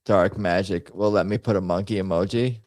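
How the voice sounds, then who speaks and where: A man's voice: sits low, steady tone, brisk, a little mellow, no echo. A man hosting a casual livestream, rambling and muttering to himself as he types up a poll. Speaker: host.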